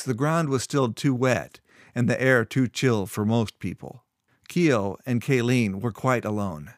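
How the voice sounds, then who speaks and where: A man reading a story aloud in steady, measured scripted narration. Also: mid-range voice, no echo, studio quality. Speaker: audiobook narrator.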